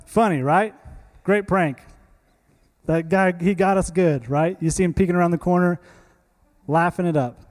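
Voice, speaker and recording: A male pastor preaching a sermon in a conversational, animated way, acting out little scenes. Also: high-pitched, normal speed.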